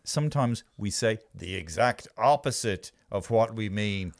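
A man's voice: on the low side, animated, a little slow, vocal fry. A man in his fifties hosting a podcast in a studio, rambling through stories with a lot of swearing and self-mockery. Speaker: podcast host. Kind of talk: casual podcast chat.

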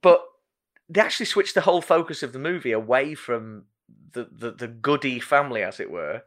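A man's voice: mid-range voice, animated, a little fast, a bit bright. A man hosting a podcast, chatting casually with self-deprecating asides and plenty of ums. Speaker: podcast host. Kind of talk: casual chat.

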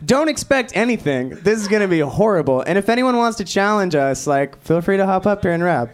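A man's voice: high voice, very animated, brisk. Rambling self-deprecating male host. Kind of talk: casual chat.

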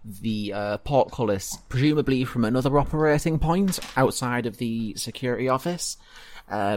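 Man rambling as game master. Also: fairly low pitch. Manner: relaxed, rambling narration with fillers. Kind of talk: narrating a tabletop game.

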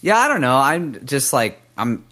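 A man's voice: medium pitch, sing-song, moderate pace, sharp tone. A man co-hosting a gaming podcast, talking casually with many fillers and restarts. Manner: hesitant, filler-heavy, laid-back. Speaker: podcast co-host.

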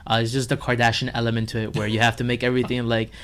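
A man's voice: mid-range voice, monotone, racing, fairly bright tone, smooth. A man, a chef guest, telling stories in casual chat, acting out other people's lines and laughing often.

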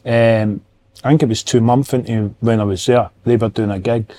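A man from Edinburgh with a Scottish accent, a podcast guest and former footballer, telling sweary, animated stories in casual chat. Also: fairly low pitch, moderate pace, slight background noise. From Edinburgh, Scotland.

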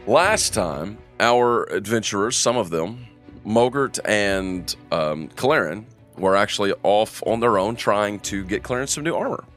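A man's voice: fairly low pitch, lively intonation, a little slow, a bit bright, faint music behind. A man hosting a tabletop game podcast as game master, joking and rambling while medicated for allergies. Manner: jokey, rambling, laughs a lot. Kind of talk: casual podcast chat and game recap.

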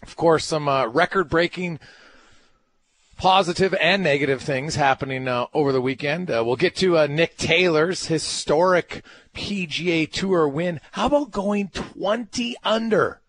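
A man's voice: fairly high pitch, a bit bright, no echo. A man hosting a sports talk radio show, emphatic and ranting, firing off rhetorical questions.

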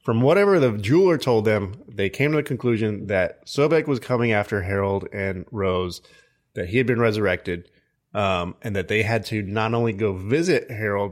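A man co-hosting a podcast, recapping a movie in casual chat with a meandering, halting delivery full of ums and restarts. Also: on the low side. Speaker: podcast co-host.

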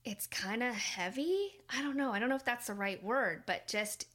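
A woman's voice: fairly high pitch, fairly quick, a bit bright. A woman in her thirties, a mother, casually and earnestly telling a personal story with many fillers and asides.

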